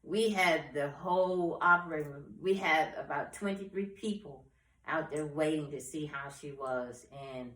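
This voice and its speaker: A middle-aged woman, the host's mother, calmly recounting family memories in casual conversation. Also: sits low, unhurried. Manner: relaxed, agrees with short murmurs, recounts calmly. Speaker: mother of the host. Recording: echoey room, mic at a distance.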